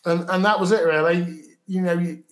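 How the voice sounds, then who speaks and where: A man being interviewed recounts a story haltingly and matter-of-factly, repeating many words. His voice is high-pitched and holds a steady tone.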